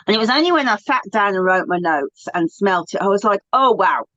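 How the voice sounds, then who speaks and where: A woman's voice: medium pitch, animated, a little fast, fairly bright tone, no room sound. Chatty British woman, dull dry sound. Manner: chatty, enthusiastic, self-talking asides. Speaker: podcast co-host. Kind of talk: casual chat.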